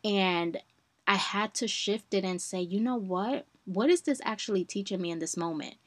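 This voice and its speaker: A woman's voice: medium pitch, normal speed, no room sound. Chatty young woman, dry close sound. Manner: chatty, addresses listeners as y'all, animated retellings. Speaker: podcast host. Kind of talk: casual personal storytelling podcast.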